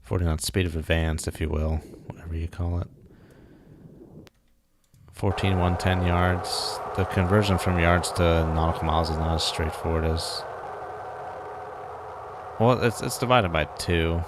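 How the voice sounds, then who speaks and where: A man's voice: deep voice, fairly even intonation, unhurried, long pauses, noisy background. A man casually thinking aloud while streaming a game, muttering and joking at himself. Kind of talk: casual live gameplay commentary.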